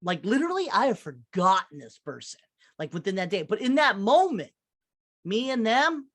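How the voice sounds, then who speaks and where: A woman's voice: medium pitch, big pitch swings, moderate pace, a bit bright. A woman chatting loosely on a podcast, full of fillers and swearing. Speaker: podcast co-host. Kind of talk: casual chat.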